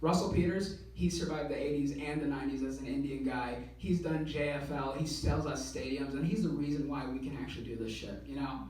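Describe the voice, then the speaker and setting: A young man doing a casual, excitable stand-up routine, swearing freely and laughing between lines. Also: mid-range voice, fairly quick, hardly any pauses, very echoey, recorded from a distance, rough recording. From US (California). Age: young adult. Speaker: stand-up comedian.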